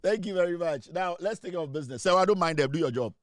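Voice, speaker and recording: A young man with a Ghanaian accent hosts an off-the-cuff monologue. His voice sits high, and he needles listeners with the same rhetorical questions again and again, slipping between English and Twi. The recording is close and dry. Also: lively intonation, quick pace, dry recording. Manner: teasing, repetitive rhetorical questions. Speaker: show host. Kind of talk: casual monologue.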